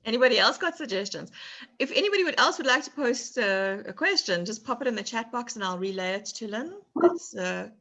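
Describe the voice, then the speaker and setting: A woman's voice: on the high side, lively intonation, a little fast, fairly bright tone. A woman hosting an informal interview over a video call, relaying questions from the audience. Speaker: interviewer and host. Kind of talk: casual interview chat.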